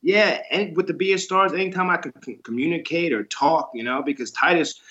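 A man in his thirties, a former wrestler guest chatting casually and acting out stories with lively voices. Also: a little high, a little fast, highs cut off. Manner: animated storyteller, acts out quotes with voices. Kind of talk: casual interview chat.

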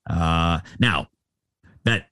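Middle-aged canadian guy, very low voice, dry close sound, rambling with lots of uhs. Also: drawn-out words, sharp tone, clear, resonant tone, dry recording. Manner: rambling, many fillers and restarts. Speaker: sportscaster guest. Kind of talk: casual interview chat.

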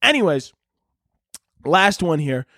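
A man's voice: fairly high pitch, very animated, slow, bright, forceful tone, no echo, clean studio sound. Profane, rambling young podcast host, man. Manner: profane, rambling, jumps into silly character voices. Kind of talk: solo comedic podcast rant.

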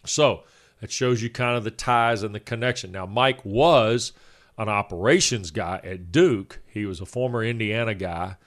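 A man in his fifties co-hosting a sports talk show, laying out his points in a measured, orderly way. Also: fairly low pitch. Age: 50s. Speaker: sports radio co-host.

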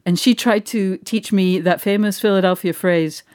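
A woman's voice: mid-range voice, steady tone, normal speed, a little mellow. A woman with an English accent, co-hosting a podcast in casual, chatty conversation. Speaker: podcast co-host.

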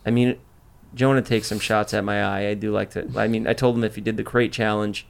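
A man's voice: lowish voice, level tone, a little fast, gravelly, clear, resonant tone. A young man hosting a podcast in a loose, boastful way, swearing freely and talking over the others. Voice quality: brash, profane, boastful. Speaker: podcast host. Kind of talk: casual chat.

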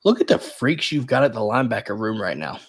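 This sports podcast co-host talks quickly and very animatedly in a medium-pitched voice with a breathy edge. He rambles through his breakdown of the team, hedging often with repeated fillers.

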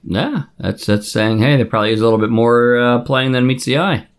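A man's voice: medium pitch, fairly quick, smooth. Casting note: man, podcast co-host, mid-range voice, dry wisecracks. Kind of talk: casual chat.

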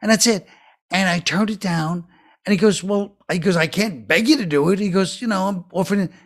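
A man, a guest comedian, telling a story in casual talk and quoting others in a flat, low voice. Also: fairly quick.

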